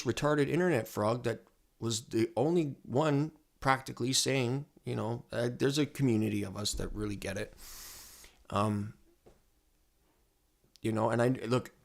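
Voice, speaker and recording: A man giving casual, rambling commentary on crypto charts as a trading educator, excitable and prone to repeating himself. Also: mid-range voice.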